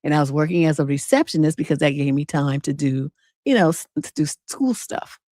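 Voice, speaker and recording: A middle-aged woman, a relationship coach and livestream host, telling a personal story in a casual, animated way, acting out quotes with attitude and cursing freely. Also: low voice, brisk, dry recording, clean studio sound. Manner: animated, sassy storytelling with acted-out quotes and swearing.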